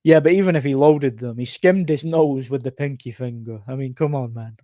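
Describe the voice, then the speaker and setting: A man's voice: medium pitch, fairly quick, mellow, dry recording, clean studio sound. A man hosting a casual live stream, rambling through chat comments, repeating himself and laughing at his own stories. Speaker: livestream host reading chat.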